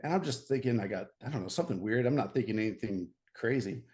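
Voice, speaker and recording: A man's voice: medium pitch, fast. American man telling stories, laughing often. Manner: animated, laughing, restarts often. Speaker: podcast guest. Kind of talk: casual storytelling.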